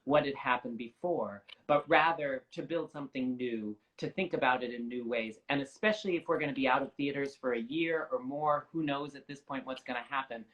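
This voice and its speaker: A young man speaking in an earnest, articulate way, reflecting as he goes. His voice sits at an ordinary mid pitch, and he sounds like an opera singer in a relaxed interview. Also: fairly quick, hardly any pauses, lo-fi sound. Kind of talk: conversational interview.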